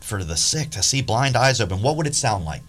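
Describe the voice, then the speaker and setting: A man hosts a podcast interview with a fairly low voice. He talks in a relaxed, conversational way and keeps the conversation going with questions. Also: brisk. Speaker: podcast host.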